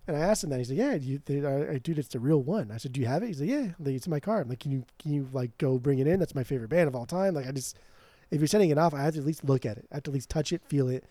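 A man with a mellow, slightly higher-than-usual voice tells a story in a casual, animated way and swears freely. He sounds like a podcast co-host chatting with a friend. The recording is dry and close. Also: rapid-fire, no room sound. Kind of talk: casual chat.

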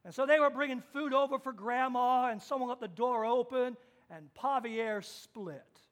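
A man from Kansas preaching a sermon as pastor, telling a story and acting out the voices in it, moving from hushed to loud. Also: very high-pitched, normal speed. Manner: storytelling with acted-out quotes, swings from hushed to loud.

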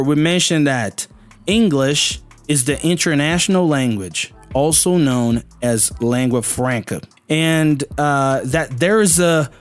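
A man hosting an English-lesson podcast, talking in a chatty, upbeat way and often dropping in "you know" as he explains. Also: mid-range voice. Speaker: English teacher and podcast host.

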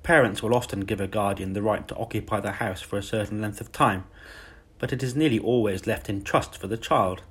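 A man voicing a timid, kind young woman teacher in a soft, modest, earnest manner. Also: fairly low pitch, a little fast, slightly rough. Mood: gentle.

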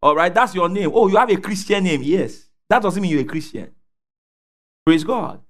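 A man preaching a sermon, calling out questions for the congregation to answer and rising to shouts at the peaks. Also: high voice, expressive, moderate pace. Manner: call-and-response preaching, asks congregation to fill in words.

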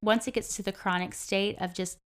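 Chatty young woman with a smooth voice. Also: mid-range voice, steady tone, a little fast. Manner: chatty, heavy use of "like". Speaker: interview guest. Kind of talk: personal story in casual conversation. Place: in person with the host.

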